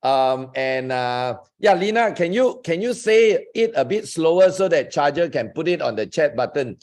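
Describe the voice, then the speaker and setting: A man with a slightly raised pitch coaching over a video call. He speaks in an emphatic, motivational way, cheering his listeners on and asking them direct questions. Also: sing-song, normal speed, a little mellow. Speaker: network marketing coach hosting a Zoom session. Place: online Zoom group call.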